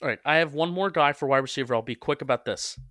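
A young man co-hosting a sports podcast, talking casually with quick restarts and self-mocking asides. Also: mid-range voice, fairly bright tone, no echo, studio quality. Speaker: podcast co-host.

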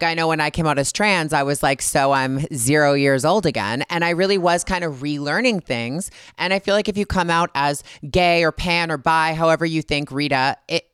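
Smooth-voiced encouraging woman co-host. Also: deep voice, no echo, studio quality. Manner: warm, encouraging, sassy. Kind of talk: casual chat.

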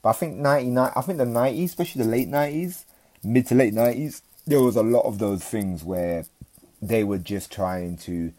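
A man's voice: mid-range voice, a little fast, mellow. A young man, chatting as a comedian guest on a podcast in a laid-back, slangy, rambling way. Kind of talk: casual podcast chat.

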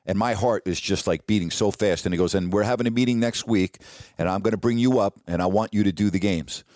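Low-voiced man telling a long story. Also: fast, no room sound, clean studio sound. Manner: animated anecdotal storyteller. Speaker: sportscaster guest. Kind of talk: casual storytelling on a podcast.

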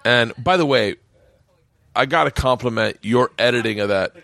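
A man hosting a podcast, telling a rambling, profane, animated story with many restarts in casual chat. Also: mid-range voice, moderate pace, gravelly. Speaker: podcast host.

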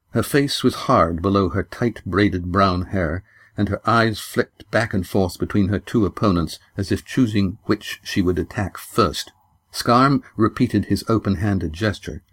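A man with a fairly low voice reads scripted audiobook narration, keeping to a measured, storytelling manner.

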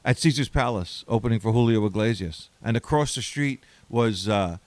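A male comedian chatting as a podcast guest, telling lively show-business anecdotes and acting out the people in them. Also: medium pitch, moderate pace, no room sound. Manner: animated anecdote teller, acts out quoted voices. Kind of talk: casual storytelling chat.

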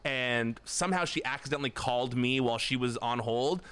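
A man's voice: medium pitch, a little fast, a bit bright, clean tone. A man hosting an interview podcast, chatty and casual, laughing often and restarting his sentences. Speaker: podcast host.

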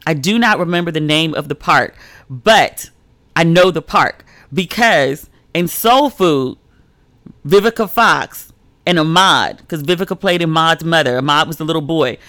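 A woman hosting a casual solo podcast, telling stories in a chatty way with lots of "like" and lively quoted voices. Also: unhurried, no room sound. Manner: chatty storytelling, heavy use of "like", swings pitch when quoting people. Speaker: podcast host.

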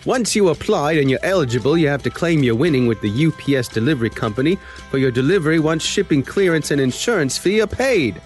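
A man voicing a pushy money-grant scammer in a deliberately bad Australian accent. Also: a little high, soft background music, lightly acted.

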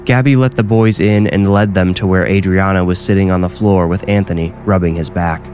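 A man, the author, reading his own horror story in a measured, low-key way. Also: fairly even intonation, a little mellow, soft background music. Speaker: author and narrator. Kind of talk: scripted horror narration.

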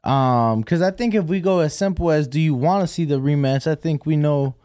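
A man's voice: on the high side, a little fast, warm tone, dry recording, clean studio sound. A man co-hosting a casual boxing talk show, talking in a hesitant way with many fillers. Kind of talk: casual sports chat.

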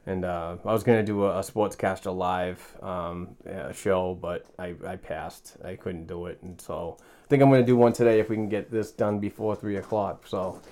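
New england dude hosting a hockey podcast, lowish voice, chatty, lots of restarts. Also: male voice, level tone, moderate pace, mellow. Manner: loose and chatty, with repeated restarts. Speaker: podcast host. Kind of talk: casual sports chat. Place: home podcast studio.

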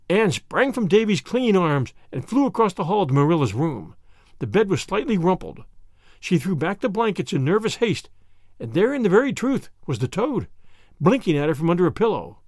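A man hosting a podcast and narrating a classic novel aloud with lively, expressive reading and voices for each character. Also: high-pitched, moderate pace, no room sound, clean studio sound. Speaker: audiobook reader and podcast host.

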